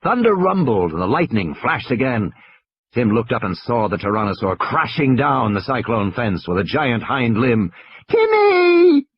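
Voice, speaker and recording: Husky man reading a thriller dramatically. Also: medium pitch, moderate pace, no room sound, highs cut off. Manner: tense, dramatic, lively delivery. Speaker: audiobook narrator.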